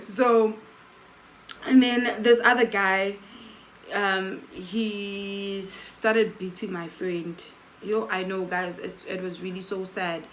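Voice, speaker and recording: A woman's voice: mid-range voice, takes it slowly, a little hiss or hum, poor audio. A woman telling a casual story-time tale, acting out the quoted dialogue of the people in it. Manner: animated, acts out quoted dialogue with "I'm like". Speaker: storytelling vlogger.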